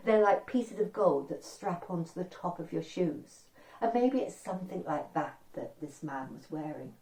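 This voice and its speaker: A woman telling an old folk tale to children in an animated, chatty way, with asides to her listeners. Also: on the low side. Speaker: storyteller. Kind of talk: oral storytelling for children. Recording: echoey room, far from the mic.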